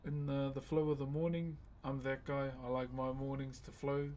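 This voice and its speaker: A man's voice: mid-range voice, flat delivery, moderate pace, a little mellow. A man with a New Zealand accent hosting a live stream, chatting casually and thanking viewers by name in a friendly, slangy way. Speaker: livestream host.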